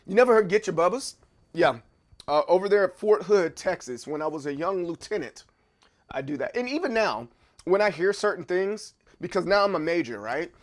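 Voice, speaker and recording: A man's voice: sits high, lively intonation, moderate pace. A man in his thirties hosting a livestream, chatting casually through viewer comments and often stopping to repeat words as he thinks aloud.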